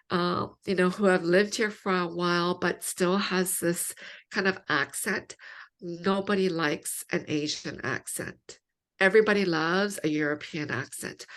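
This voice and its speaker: A woman's voice: fairly low pitch, fairly bright tone. A woman theologian answering podcast interview questions in an earnest, explanatory way, building her point through many examples. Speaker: theologian guest.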